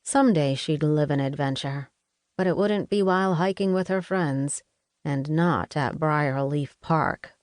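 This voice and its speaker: A woman reading an audiobook in measured, unhurried narration close to a studio microphone. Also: deep voice, a little mellow, no room sound. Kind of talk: scripted narration.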